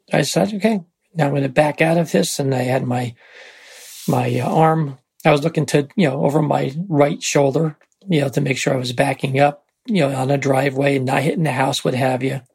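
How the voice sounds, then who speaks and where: Older guy, super husky voice, rambling story full of uhs and restarts. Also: mid-range voice, darkish tone. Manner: rambling, halting, many fillers and restarts. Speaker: interviewee. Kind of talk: personal storytelling.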